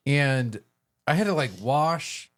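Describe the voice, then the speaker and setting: A man's voice: a little high, animated, slow, a bit bright. Profane, jokey man hosting a podcast. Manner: profane, jokey, laughs often. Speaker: podcast host. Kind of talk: casual crude podcast chat.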